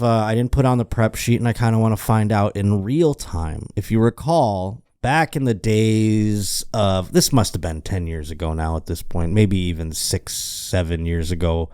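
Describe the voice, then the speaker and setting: A man's voice: on the low side, dark tone, smooth, dry recording, clean studio sound. A man hosting a casual comedic news show, rambling and joking while hungover. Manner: rambling, joking, self-interrupting. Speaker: host.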